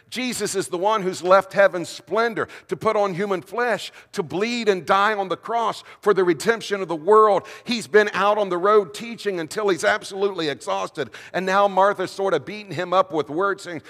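A man preaching a sermon as senior minister, telling the story in an animated way with playful asides. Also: sits high, moderate pace, hardly any pauses. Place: church sanctuary. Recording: long church reverb.

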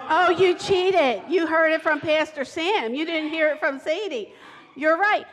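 A woman's voice: extremely high pitch, unhurried, crowd noise, background noise. A woman leading a playful children's time in a church service, coaxing kids to sit and play a game. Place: church sanctuary. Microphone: handheld or lapel mic. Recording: long church reverb.

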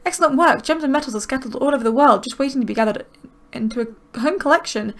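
Excitable high-voiced woman gaming. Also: quick pace. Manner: excitable, gushing, squeals with delight. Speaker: gaming video host. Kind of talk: casual gameplay commentary.

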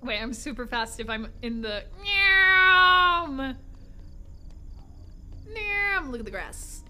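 A woman streaming a game live, excitable and talking to herself and the chat, laughing and swearing often. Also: a little high, fairly quick, slight background noise. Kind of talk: live gameplay commentary.

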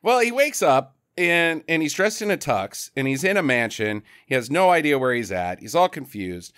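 A man's voice: on the high side, big pitch swings, moderate pace, a bit bright, clean tone, dry recording, clean studio sound. A man hosting a casual podcast, recapping a film in a loose, rambling way and slipping into voices. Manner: rambling storyteller who slips into voices. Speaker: podcast host. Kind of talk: casual chat, movie recap.

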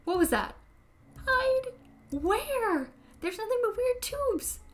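Jittery young boy, shrill and flustered — a woman voicing him. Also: very animated, takes it slowly, exaggerated voice. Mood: panicked. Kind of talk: live-streamed game read-aloud.

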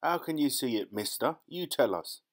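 A man voicing Rummins, a blunt, suspicious country farmer, with a gruff, doubtful and loud delivery. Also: mid-range voice, animated, moderate pace, voice pushed up, close to an everyday voice.

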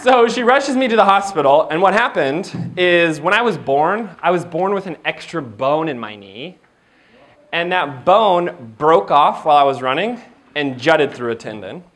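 A man giving a motivational keynote in an event hall, telling a story in an animated, jokey way and acting out the dialogue. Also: on the high side, moderate pace. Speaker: keynote speaker. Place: event hall before a live audience.

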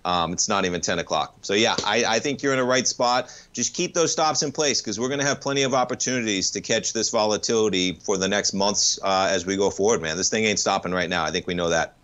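A man hosting a live call-in market show, talking to a caller in an energetic, chummy way. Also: fairly low pitch, quick pace, few pauses. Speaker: radio market show host.

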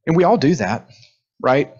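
Man, teaching a group, conversational lecture, asks questions, husky voice, muffled lo-fi recording. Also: fairly high pitch, normal speed. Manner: animated, asks the room questions, acts out quotes. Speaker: teacher leading a group class. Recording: dull lo-fi room recording.

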